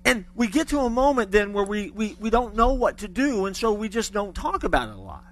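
A man's voice: sits high, big pitch swings, brisk. A man preaching a sermon to a church congregation in a conversational way, with joking asides and frequent restarts. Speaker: pastor.

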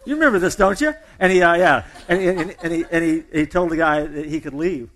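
A man's voice: fairly high pitch, a little fast, fairly bright tone. A man preaching a sermon in a loose, conversational storytelling way, often repeating and restarting his words. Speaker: pastor. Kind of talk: sermon opening with a told joke.

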